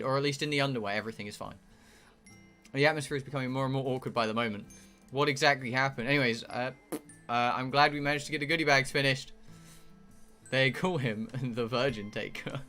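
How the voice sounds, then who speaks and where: A British man reads out a game's story text and chats with his stream audience in between. His voice is bright and forward, and his talk is joking and rambling, with stumbles over words as he reads. Faint music plays in the background. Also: mid-range voice. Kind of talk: live-streamed game playthrough, reading aloud and chatting.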